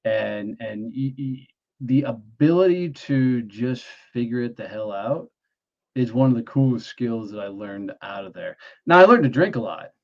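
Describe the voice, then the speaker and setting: Middle-aged man, ex-Marine guest, rough lively storyteller, muffled lo-fi audio. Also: medium pitch, a little slow. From Texas. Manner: animated storyteller who acts out dialogue, salty language. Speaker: guest, entrepreneur and former Marine. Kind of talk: casual storytelling interview. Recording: dull lo-fi sound.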